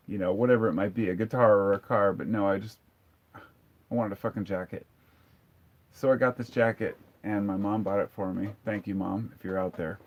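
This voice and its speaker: A man's voice: fairly low pitch, darkish tone. A man in his forties hosting a casual live stream, candid and blunt as he answers viewer comments. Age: 40s. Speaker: livestream host. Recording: dull lo-fi sound.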